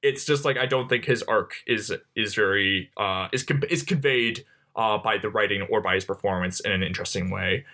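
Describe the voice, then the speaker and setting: A man's voice: lowish voice, moderate pace, sharp tone. A man co-hosting a podcast, talking through a film in a loose, rambling way full of "like" fillers. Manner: rambling, heavy use of "like" fillers. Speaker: podcast co-host. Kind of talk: casual film discussion.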